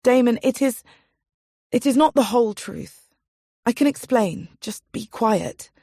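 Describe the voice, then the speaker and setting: A woman voicing a guarded young woman who speaks in hushed, urgent tones, in an audiobook. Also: on the high side, animated, unhurried, husky, dry recording, studio quality, pitched above the performer's own voice, heavily acted. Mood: tense. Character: tense, guarded young woman keeping secrets.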